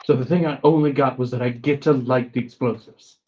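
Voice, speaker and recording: A man's voice: medium pitch, fairly even intonation, fairly quick, darkish tone, highs cut off. A man playing in a tabletop role-playing game, talking in an eager, rambling, easily distracted way. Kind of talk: playful tabletop role-play chat.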